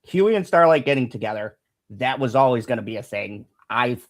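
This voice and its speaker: A man co-hosting a casual review podcast, talking fast and animated, swearing freely and laughing often. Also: mid-range voice. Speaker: podcast co-host.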